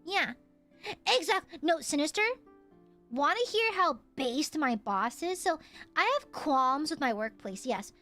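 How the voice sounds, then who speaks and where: Lively, high-pitched young woman streamer. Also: measured pace, faint music behind. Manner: animated, swears often, lively storytelling. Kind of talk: casual chat with viewers.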